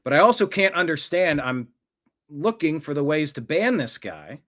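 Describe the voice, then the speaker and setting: A male livestream host with a fairly high-pitched voice. He mutters under his breath while fiddling with his setup, then turns profane and confrontational as he demands answers. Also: sing-song, moderate pace, fairly bright tone. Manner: profane, confrontational outbursts at a commenter; mutters to himself while fixing stream settings. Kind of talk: live-stream talk.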